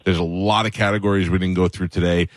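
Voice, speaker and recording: A man's voice: sits low, level tone, fast talker, dry recording. A man hosting a radio talk show, chatting loosely with crude jokes and hiccups. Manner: loose, joking, crude banter. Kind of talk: casual radio chat. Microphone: studio mic.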